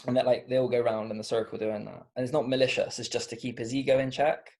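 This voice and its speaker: A man's voice: mid-range voice, flat delivery, creaky, a little mellow. A man from Bristol with a Bristolian accent, chatting as a podcast guest in a mid-range voice. He muses aloud in a loose, rambling way, stopping and restarting often and leaning on "um" and "like" while he works out his point. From Bristol, England. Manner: thoughtful, rambling, halting with many fillers and restarts. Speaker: podcast guest, comedian and author. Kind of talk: casual interview chat.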